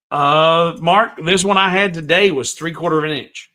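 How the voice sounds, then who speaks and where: This is a man hosting a casual live tutorial from a home workshop, his voice pitched a touch above most men's. He rambles in a folksy, unhurried way. He hums little tunes to himself while working and reads viewer comments aloud before answering them. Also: pushed and bright. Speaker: woodworking livestream host.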